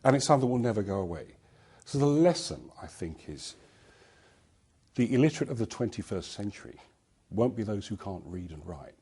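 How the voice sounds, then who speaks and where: Husky, lively man telling a story. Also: lowish voice, brisk. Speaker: conference speaker. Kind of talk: personal anecdote in a talk.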